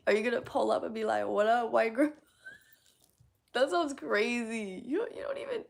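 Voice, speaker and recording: Woman streamer reading chat, gravelly voice, giggly, loose and swearing, lively pitch. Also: measured pace. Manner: giggly, reads chat aloud, swears casually. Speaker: live streamer. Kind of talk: casual live-stream chat.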